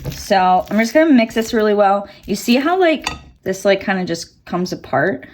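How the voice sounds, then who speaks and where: A woman's voice: mid-range voice, lively intonation, moderate pace, a little mellow, a little hiss or hum. A woman cooking in her home kitchen and chatting casually to viewers, giggly and swearing offhandedly. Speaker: cooking vlogger.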